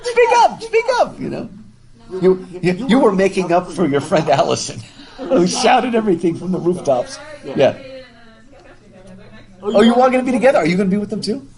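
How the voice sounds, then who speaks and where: A man lecturing to a live class while wearing a face mask, chatty and animated, often repeating words as he thinks aloud. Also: sits high, normal speed, long pauses, a crowd in the background, low-quality recording. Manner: talking through a face mask. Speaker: professor. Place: university classroom with students. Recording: classroom with students audible.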